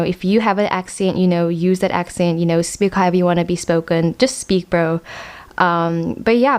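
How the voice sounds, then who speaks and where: A woman giving a casual pick-a-card tarot reading to camera, chatty and rambling, full of "like" fillers, at times lively and quick. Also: lowish voice, clear, resonant tone.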